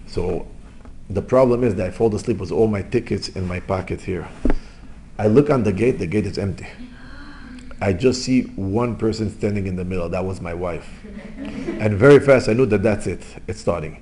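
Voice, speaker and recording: In an informal Torah class, a male rabbi tells stories in non-native English, mixing in Hebrew terminology and shifting from loud exclamations to quiet remarks. His voice sits on the low side at a moderate pace, with slight background noise.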